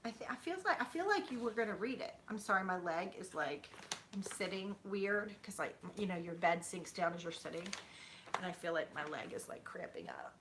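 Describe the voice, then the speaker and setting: Woman, 30s, bright voice, chatty vlogger, rambling with fillers, sitting on her bed at home. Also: medium pitch, expressive, brisk, a little hiss or hum. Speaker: YouTuber. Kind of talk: casual chat with viewers.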